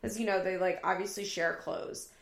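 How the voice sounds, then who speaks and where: A woman talks through a reality TV episode in a relaxed, chatty recap. She often jumps into quoted lines with a louder voice. Her voice has a gravelly edge, and the room around her has a noticeable echo. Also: lowish voice, normal speed. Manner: animated retelling, acts out quoted lines with raised voice. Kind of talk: casual recap commentary.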